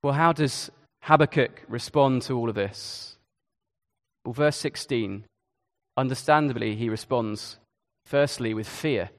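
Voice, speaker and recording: A man's voice: mid-range voice, a little slow, big-room sound. A man preaching a sermon in a conversational way, with hesitations and asides. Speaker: Church of England preacher.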